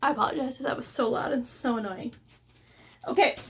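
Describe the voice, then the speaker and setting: A woman vlogging a casual book haul unboxing, gushing and excitable as she shows off her books. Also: sits high, brisk, slight background noise. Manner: gushing and excitable, with gasps of delight.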